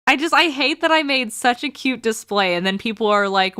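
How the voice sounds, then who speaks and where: A woman's voice: a little high, normal speed, long pauses, pushed and bright, clear, resonant tone, no room sound, studio quality. A young woman streaming a game, chatting casually with a sarcastic edge and frequent laughter. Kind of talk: casual chat while livestreaming a game.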